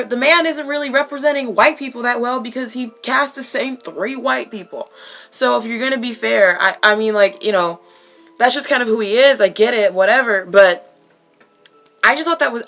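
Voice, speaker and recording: A woman's voice: a little high, a bit bright. A woman vlogger in casual chat, blunt and emphatic, swearing freely.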